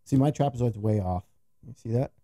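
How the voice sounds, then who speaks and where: A man's voice: mid-range voice, fairly quick, dark tone, no echo, clean studio sound. A man chatting casually with a friend while building something, joking and poking fun at his own work. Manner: joking, self-mocking banter. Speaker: co-host. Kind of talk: casual chat while doing a craft project.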